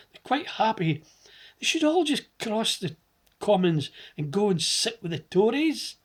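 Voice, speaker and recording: A man's voice: high voice, breathy edge. Ranting middle-aged Scottish man. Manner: ranting, repeats words for emphasis. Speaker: political commentator. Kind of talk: impassioned political monologue.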